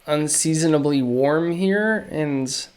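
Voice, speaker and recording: A man streaming live as he draws, chatting casually in slow, musing, self-critical asides, his throat feeling a little off. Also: fairly high pitch, a little mellow, smooth. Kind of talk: casual live-stream chat while drawing.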